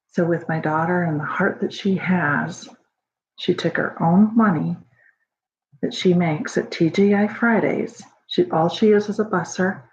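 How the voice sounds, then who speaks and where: A mother in casual home video talk, rambling warmly with many fillers and restarts, proud of her daughter. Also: fairly low pitch. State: emotional, near tears at times. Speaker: proud mother sharing a story. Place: home at night. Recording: dull lo-fi home recording.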